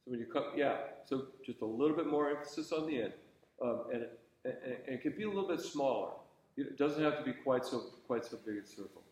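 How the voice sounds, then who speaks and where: A man's voice: medium pitch, expressive, a little fast, a little mellow. Guy giving conducting pointers, patient and encouraging, lots of ums, big echoey rehearsal room. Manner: patient, encouraging, thinks aloud with fillers and restarts. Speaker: conducting teacher. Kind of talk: coaching a student in a class.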